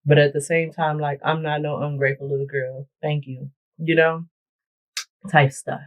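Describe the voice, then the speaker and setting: A woman's voice: low voice, level tone, normal speed, phone-quality sound. Woman, get-ready-with-me storytime, sassy and blunt, swears freely, chatty vlogger. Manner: talks while doing her makeup and hair. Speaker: beauty vlogger.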